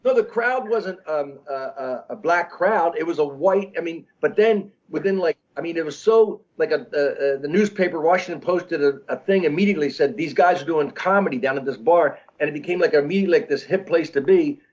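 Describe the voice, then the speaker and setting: A man in his sixties telling stories as an interview guest, rambling and halting with many restarts. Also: a little high. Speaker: comedian guest. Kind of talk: casual storytelling interview. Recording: dull lo-fi audio.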